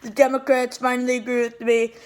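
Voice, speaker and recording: A woman's voice: fairly high pitch, flat delivery, brisk, close to an everyday voice. A woman playing a petty, self-pitying male president who rambles and repeats nicknames in a comic impression. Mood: boastful. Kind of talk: comedic impression monologue.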